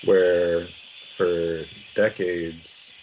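A man in casual podcast chat who explains things in a measured way, thinking aloud with ums. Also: deep voice, level tone, darkish tone. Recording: muffled with clear background noise.

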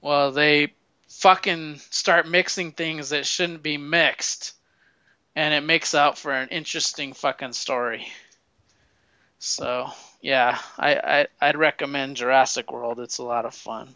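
A man's voice: fairly high pitch, fairly even intonation, a little slow, bright, forceful tone, smooth, dry recording, dull audio. A man in casual chat, rambling through movie plots with lots of swearing and acted-out quotes. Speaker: movie fan recommending films.

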